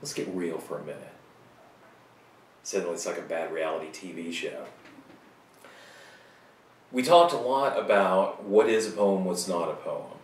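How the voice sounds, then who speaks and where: A man giving a recorded writing lecture to students, casual and joking, with quick asides. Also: low-pitched, animated, slight background noise. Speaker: writing teacher. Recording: roomy sound from a distant mic.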